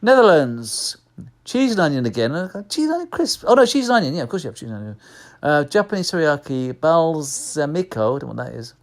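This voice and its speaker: Lively English man reading lists. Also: a little high, fairly quick. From United Kingdom. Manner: jokey, reads lists aloud, slips into a mock cockney voice. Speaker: podcast co-host. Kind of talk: casual chat.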